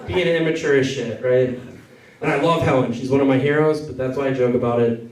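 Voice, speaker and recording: A man's voice: medium pitch, fast, crowd noise. A man doing a loose, rambling stand-up set that keeps correcting itself. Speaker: stand-up comedian. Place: comedy venue with a crowd. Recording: echoey room from far off. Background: audience laughter.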